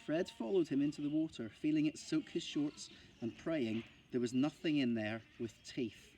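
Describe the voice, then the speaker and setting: A male primary school teacher reading a children's novel aloud in a steady, expressive way. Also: fairly high pitch, moderate pace, a little hiss or hum.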